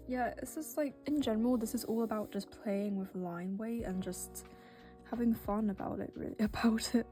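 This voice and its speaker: Rambling British woman, soft dark voice. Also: medium pitch. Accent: British with an American drift. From Britain. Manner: rambling, self-deprecating, full of "like" fillers. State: tired late at night. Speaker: art vlogger. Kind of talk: casual chatty voice-over while drawing. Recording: soft music bed behind.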